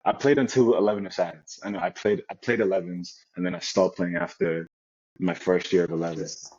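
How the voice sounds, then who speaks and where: A young man from Nigeria, a guest on an interview podcast, telling stories in a relaxed way with many restarts. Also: deep voice, normal speed, slightly rough, highs cut off. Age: young adult. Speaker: guest, American football player. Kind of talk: casual interview chat.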